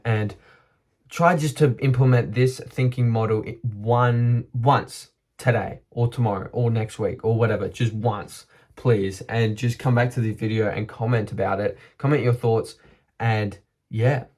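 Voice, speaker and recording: A man's voice: medium pitch, steady tone, a little slow, darkish tone. A man talking casually and earnestly to camera in a motivational vlog, upbeat and thinking aloud as he goes. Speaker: vlogger.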